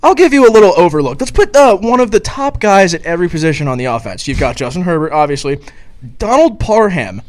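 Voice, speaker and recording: A man co-hosts a casual sports podcast, steering the conversation through team rankings. His voice sits a little on the high side. He often cuts in over the others. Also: very animated, fast, a little mellow. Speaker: podcast co-host.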